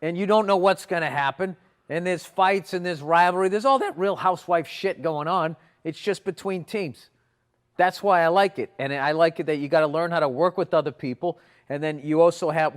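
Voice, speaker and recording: A man co-hosting a podcast, ranting bluntly with a lot of swearing. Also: a little high. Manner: blunt, quick rants with swearing. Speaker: podcast co-host. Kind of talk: casual chat.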